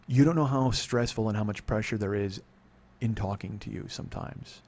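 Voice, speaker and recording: Speaking at normal speed with a lowish, somewhat mellow voice, this podcast host is a middle-aged man from California. He tells a long, rambling, profane personal story as a confessional monologue, frequently cutting himself short partway through sentences.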